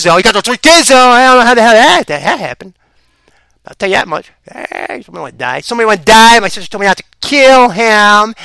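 A man with a high, bright and forceful voice rambles through casual reaction commentary, getting excited and laughing easily. His delivery swings wildly up and down in pitch, with a gravelly edge on the low notes. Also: no room sound, rough recording. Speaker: vlogger reacting to fights.

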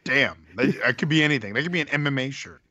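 Bright, chatty podcast co-host man. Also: mid-range voice, rapid-fire, dry recording, muffled recording. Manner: chatty, playfully mimics voices. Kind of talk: casual chat.

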